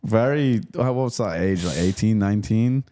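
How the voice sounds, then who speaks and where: A man hosting a casual interview, relaxed and affirming, asking follow-up questions. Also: on the low side, normal speed. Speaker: podcast host.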